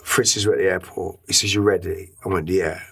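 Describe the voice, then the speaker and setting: A man's voice: low-pitched, steady tone, fairly quick, creaky, pushed and bright, slightly rough. A middle-aged man, a podcast guest, telling an emotional story in a rambling way, with many restarts and casual swearing. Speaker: interview guest.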